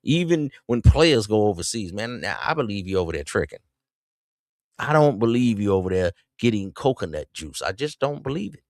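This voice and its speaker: A man hosting a podcast, giving preachy, mocking commentary and jumping up in pitch to taunt. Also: big pitch swings, moderate pace, a little mellow, no room sound, studio quality. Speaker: podcast host. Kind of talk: reacting to clips with commentary.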